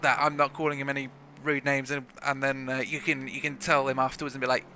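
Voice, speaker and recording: A young man from South Africa with a South African accent softened by British English, giving rambling, jokey commentary on a sim racing livestream. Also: mid-range voice, flat delivery, fast talker, a little hiss or hum. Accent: South African with some British English. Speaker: race commentator.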